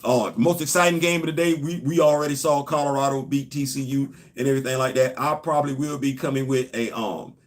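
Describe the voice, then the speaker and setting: A man's voice: mid-range voice, steady tone, fairly quick, hardly any pauses. A man hosting a casual livestream, talking straight to viewers and hammering his points with repetition. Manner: emphatic, repeats points, addresses viewers directly. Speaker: host.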